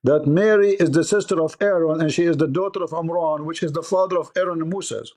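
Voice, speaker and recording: A man's voice: fairly high pitch, fast, darkish tone. A man who grew up in the Arab world, a native Arabic speaker, hosting a heated debate, insistent, repeating his questions and cutting in. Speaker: debate host.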